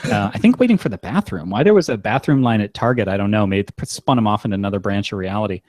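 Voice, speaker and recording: A man chatting on a podcast in an enthusiastic, teasing way, with quick quips. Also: fairly low pitch, expressive, a little mellow, dry recording, clean studio sound. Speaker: podcast co-host or guest. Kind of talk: casual chat.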